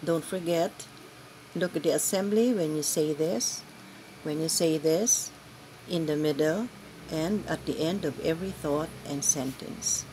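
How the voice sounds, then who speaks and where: A woman guides lectors through the week's reading in a measured, instructional tone. Her voice sits a little low, and she takes her time with each phrase, enunciating carefully. A faint hiss of noise stays under her words. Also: warm tone, rough recording. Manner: slow, deliberate, careful enunciation. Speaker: lector trainer. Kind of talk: instructional talk on scripture reading.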